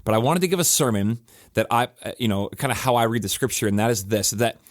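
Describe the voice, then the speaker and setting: A man of middle pitch speaks as a pastor looking back on a sermon, his talk casual and earnest. He doubles back on words to press a point home. The sound is close and dry, with no room echo. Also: lively intonation, fast talker. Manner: earnest and conversational, with emphatic restarts. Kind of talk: reflective podcast talk.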